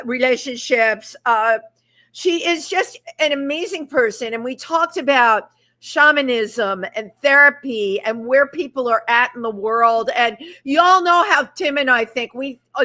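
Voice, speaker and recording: Female host, high bright voice, effusive storyteller. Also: unhurried. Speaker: talk show host. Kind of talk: live talk show chat. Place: restaurant.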